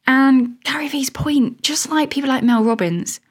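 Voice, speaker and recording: A woman's voice: high-pitched, unhurried, breathy edge. A woman in her thirties hosting a casual solo podcast, chatty and rambling, laughing at her own tangents. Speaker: podcast host.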